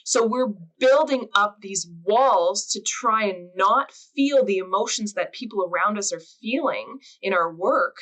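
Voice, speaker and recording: A woman's voice: medium pitch, a little slow, few pauses, a bit bright, low-quality recording. A woman hosting a podcast, talking casually in long, chatty run-on sentences. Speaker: podcast host.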